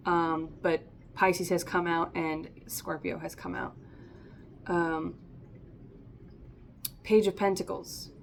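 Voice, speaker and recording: A woman's voice: on the low side, a little mellow, a little hiss or hum. A woman giving a casual, chatty tarot reading to camera, encouraging and often laughing. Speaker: tarot reader.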